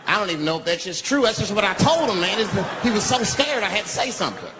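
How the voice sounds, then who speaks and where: Male stand-up comic, fairly high voice swinging wildly, profane storytelling, loud live crowd. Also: sing-song, fast talker, few pauses. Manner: profane storytelling that swings into shouted character bits. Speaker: stand-up comedian. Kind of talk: stand-up comedy set. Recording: live club, loud crowd laughter and noise.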